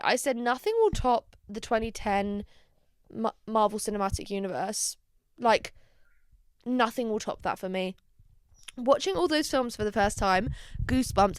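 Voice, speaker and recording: Young woman vlogger, casual and sweary, smooth clear voice, fairly high, close and dry. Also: no room sound. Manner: chatty, swearing, quick asides; playful, dramatic exclamations. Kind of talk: casual chat to camera.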